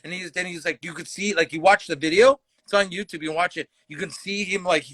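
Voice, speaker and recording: A man's voice: high voice, fairly even intonation, brisk, hardly any pauses, bright, forceful tone, no echo. A man from Canada, a comedian guest, telling a rambling, profane story in casual chat and acting out the quotes heatedly. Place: livestream talk show.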